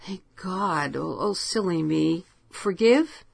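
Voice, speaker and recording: A woman's voice: on the low side, expressive, slow pace, gravelly, husky, dry recording, full character voice. A woman voicing an anxious woman friend who calls late at night, stammering and apologetic. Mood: fretful.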